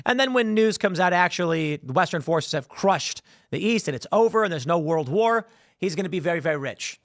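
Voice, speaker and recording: Male political show host, slightly high voice, dry close sound, rambling delivery with repeats. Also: lively intonation, fairly quick, dry recording. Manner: rambling, repeats words, reads headlines aloud. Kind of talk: solo news commentary.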